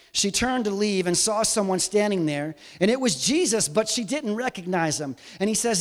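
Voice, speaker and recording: Brief: male preacher, slightly high voice, casual and animated, heavy hall reverb. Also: normal speed. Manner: conversational, animated storytelling. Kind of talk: sermon.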